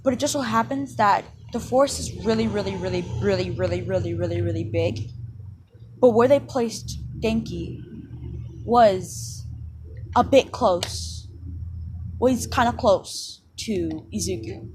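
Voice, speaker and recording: A woman's voice: mid-range voice, measured pace, noisy background. A woman casually retelling a fan story she made up, rambling with lots of fillers and repeats.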